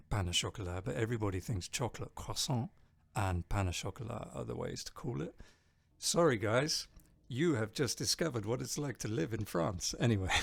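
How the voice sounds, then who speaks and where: This streamer, who is also a band bassist, has a lowish voice with vocal fry. He chats casually on his live stream in a rambling, jokey way, talking about music and reading viewer comments out loud.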